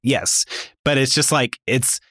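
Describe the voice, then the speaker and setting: A man's voice: medium pitch, slow pace, no room sound, clean studio sound. A man hosting a podcast, chatting loosely with lots of fillers. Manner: loose, filler-heavy, animated. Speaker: podcast host. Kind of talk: casual chat.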